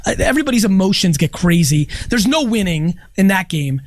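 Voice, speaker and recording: A man's voice: high voice, sing-song, a little fast, dry recording. A man talking emphatically in a casual podcast chat, repeating his points for stress. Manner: emphatic, repetitive, profane. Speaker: guest.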